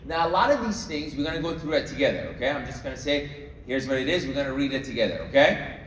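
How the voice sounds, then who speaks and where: A man's voice: medium pitch, expressive, fast talker, a bit bright, a little hiss or hum. A man giving a live sales training to a room, coaching the audience and often checking that they follow along. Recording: echoey hall, mic far off.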